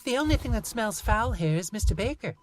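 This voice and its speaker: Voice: mid-range voice, expressive, a little fast, over music, voice pushed up, natural voice. A reader voicing a grim, earnest young girl in an audiobook. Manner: grim and matter-of-fact. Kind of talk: audiobook character voice.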